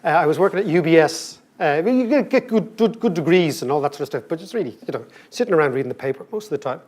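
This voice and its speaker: High-voiced Irish man telling stories. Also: fast. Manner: lively, irreverent, swears freely, jokey asides. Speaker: conference speaker, economist. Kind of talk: comic storytelling talk.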